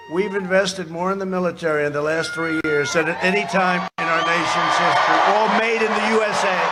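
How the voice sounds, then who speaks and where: A man with a high-pitched voice gives a boastful, mocking rally speech into a podium microphone, drifting into rambling asides. A large cheering crowd fills the air behind him, with steady noise throughout. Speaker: political speaker at a rally. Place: outdoor campaign rally before a large crowd.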